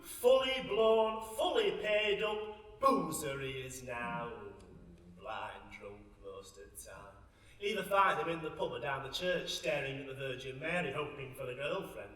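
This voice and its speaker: A man's voice: mid-range voice, animated, unhurried, a bit bright. A man playing a bawdy, gossipy older Sheffield housewife with a Yorkshire accent, chatting in a comic monologue on stage in a large hall. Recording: echoey hall from far off.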